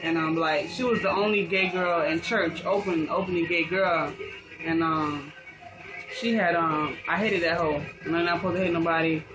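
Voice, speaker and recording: A woman's voice: fairly low pitch, steady tone, normal speed, low-quality recording. A young woman casually telling a personal story in a rambling, slangy, profane way, full of fillers. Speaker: vlogger. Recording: music playing behind.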